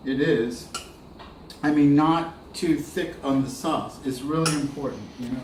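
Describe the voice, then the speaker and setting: A man giving a relaxed, chatty cooking demonstration, talking through each step as he works. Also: mid-range voice, roomy sound, noisy background. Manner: relaxed, chatty, talks while working. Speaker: cooking instructor.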